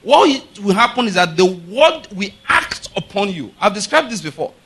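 A male pastor preaches an emphatic sermon, repeatedly asking the congregation whether they follow him and building to loud, forceful declarations. His husky voice is high and swings widely in pitch, at a moderate pace.

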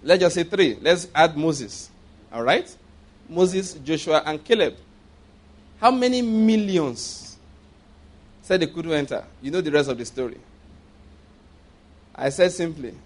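A man's voice: on the high side, very animated, measured pace, pauses often. Man preaching with an anecdote. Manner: repeats phrases, laughs often while speaking; asks the audience rhetorical questions. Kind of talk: sermon storytelling.

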